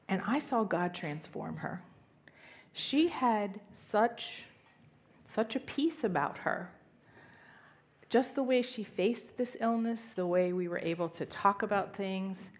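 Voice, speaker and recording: A middle-aged woman telling a personal faith story in an earnest storytelling manner, with emphatic rises. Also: medium pitch. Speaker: speaker sharing testimony. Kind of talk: personal testimony talk.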